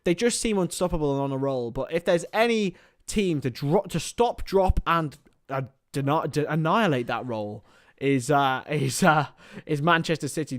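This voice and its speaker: A man streaming live fan commentary on a football match, excitable and rambling, chatting with his viewers between calls of the play. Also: fairly high pitch, no room sound, studio quality.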